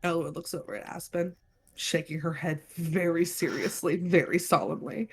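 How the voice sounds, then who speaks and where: A woman's voice: fairly low pitch, fairly even intonation, normal speed, breathy edge, soft background music. A woman narrating a tabletop game as game master, playful and full of fillers.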